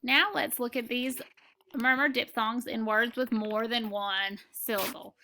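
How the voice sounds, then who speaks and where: A woman's voice: on the high side, fairly even intonation, unhurried, pushed and bright. A woman teaching a phonics lesson, patiently sounding out letters and reading words aloud for learners to repeat. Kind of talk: slow, clear classroom instruction.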